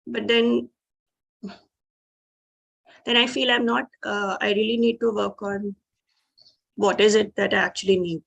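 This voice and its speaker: A woman's voice: mid-range voice, steady tone, measured pace, creaky, pauses often, a bit bright, highs cut off. A woman, a student asking her teacher a question, hesitant and searching for words.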